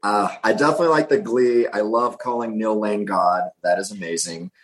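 A man's voice: fairly low pitch, a little fast, a bit bright. A man on a podcast as a guest, easygoing and upbeat, chuckling as he promotes his shows. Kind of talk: casual chat and self-promotion.

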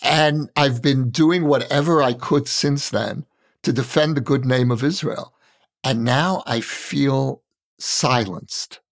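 A man's voice: mid-range voice, vocal fry. Earnest man in his sixties. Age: 60s. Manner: earnest, searching, measured. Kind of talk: reflective conversation. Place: Israel.

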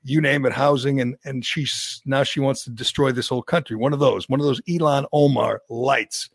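A middle-aged man with a gravelly voice grumbles through blunt, opinionated talk-show commentary. He sounds like a show regular. The sound is close and dry. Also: mid-range voice, steady tone, moderate pace, no room sound. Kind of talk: casual radio talk.

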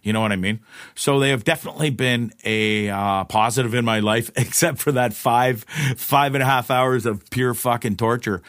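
A man's voice: medium pitch, moderate pace, dry recording. Middle-aged guy rambling thru a story on his podcast, swears a lot, laughs a lot, dry close sound. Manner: animated, profane, laughs often, voices others in quotes. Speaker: podcast host. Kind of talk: casual storytelling monologue.

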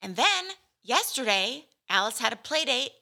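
Woman from malibu co-hosting a chat, high-ish voice, animated storyteller. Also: moderate pace, vocal fry. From Malibu, California. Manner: animated storytelling with acted-out quotes. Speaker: podcast co-host. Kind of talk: casual chat.

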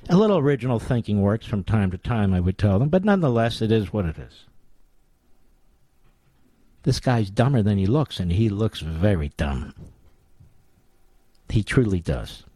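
A man's voice: lowish voice, big pitch swings, normal speed, pauses often, dark tone, breathy edge, no room sound. A man hosting a political talk radio show, delivering a combative, sarcastic monologue.

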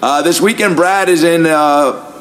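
A man hosting a podcast, talking in a casual, energetic monologue full of swearing and fillers. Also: on the high side, a little slow, a little hiss or hum. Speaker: podcast host.

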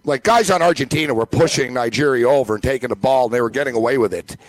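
A man's voice: mid-range voice, fast, dry recording, low-quality recording. A man co-hosting a casual sports talk show, ranting emphatically and rambling with lots of fillers.

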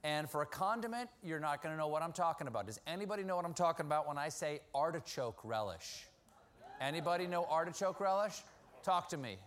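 A man's voice: on the high side, lively intonation, brisk, a bit bright. A middle-aged man hosting a casual question session with a studio audience, telling stories in a playful, self-mocking way. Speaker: talk show host.

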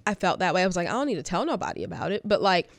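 A woman's voice: fairly low pitch, sing-song, very fast, no echo. A woman in her thirties co-hosting a casual podcast chat, rambling and laughing, full of "like", close on a studio microphone. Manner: chatty, rambling, laughing, lots of "like". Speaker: co-host.

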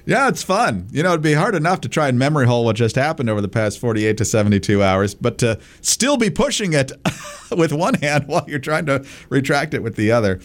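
A man co-hosting a political podcast, reading news passages and commenting in a measured way. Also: mid-range voice, very animated. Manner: measured, reads news excerpts aloud. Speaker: podcast co-host.

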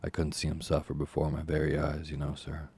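A man's voice: rumbling low, completely flat delivery, a little fast, a little mellow, husky, heavily acted. A man voicing a fawning, scheming woman who runs an orphans' home, gushing and falsely humble. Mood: coaxing. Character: fawning scheming older woman, a workhouse nurse.

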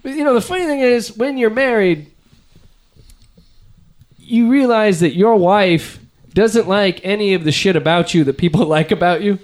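A man hosting a podcast in casual chat, rambling and self-deprecating, quick to make a joke of himself. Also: sits high. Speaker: podcast host.

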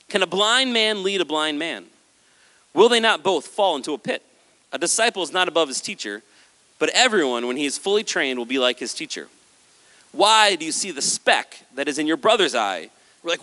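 Lively pastor preaching in a hall. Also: male voice, a little high. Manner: animated, acts out voices of listeners and Jesus. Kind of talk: sermon. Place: large hall with a stage. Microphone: handheld microphone. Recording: hall with long reverb.

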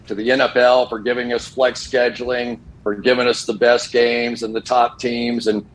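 Poor audio captures an older man's medium-pitched voice moving at a moderate pace. He's a football broadcaster casually telling stories on a sports talk show, playing the characters' voices like a lively storyteller.

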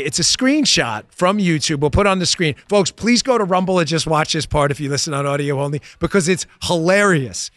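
A man hosting a political talk show, excitable and mocking, laughing as he talks, with a dry close-mic sound. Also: a little high, no echo. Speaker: host.

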